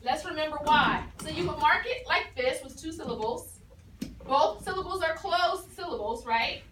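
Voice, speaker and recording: A woman's voice: high-pitched, lively intonation, moderate pace, a bit bright, a little hiss or hum. A woman teacher leading a phonics lesson, patiently asking questions and repeating the pupils' answers. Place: classroom. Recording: echoey classroom from far off.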